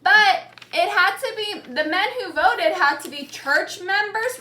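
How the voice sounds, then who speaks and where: A woman teacher giving a classroom lesson, speaking slowly and clearly and repeating key words for the class to echo back. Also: very high-pitched, pushed and bright. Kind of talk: classroom lesson with call-and-response reading.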